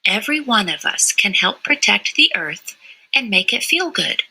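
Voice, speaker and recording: A woman reading a children's picture book aloud in a gentle read-aloud manner. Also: medium pitch, very animated, moderate pace, vocal fry, slightly rough, rough recording.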